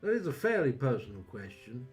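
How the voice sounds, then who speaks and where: A man's voice: mid-range voice, very animated, brisk, soft background music. A man chatting casually on a livestream as a psychic witch, wry and self-deprecating.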